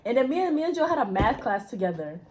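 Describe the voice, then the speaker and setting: A young woman with a high voice tells a school story in casual chat. She talks bluntly and swears freely, and she acts out the other people's lines as she goes. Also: fast. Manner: blunt, profane, animated storyteller.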